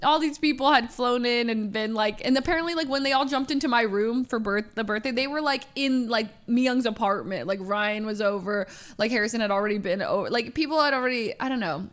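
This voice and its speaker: A young woman streamer telling a story casually, animated, laughing often and full of fillers. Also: a little high, a little fast, few pauses.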